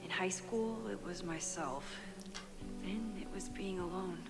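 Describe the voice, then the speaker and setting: Thoughtful young photographer teacher from a game, quiet and sincere, music playing behind. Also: female voice, lowish voice, a little slow. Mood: reflective. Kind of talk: game dialogue.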